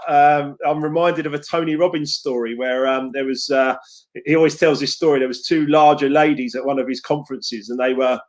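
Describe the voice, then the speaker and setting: A man, a success coach talking casually on a live stream, reading out viewer comments and calling people mate. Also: a little high. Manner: upbeat, chatty, calls viewers mate.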